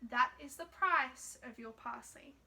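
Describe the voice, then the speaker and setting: A woman's voice: sits high, unhurried, creaky, pushed and bright, full character voice. A woman voicing a greedy witch who poses as a tall nun, speaking in a bossy, commanding way.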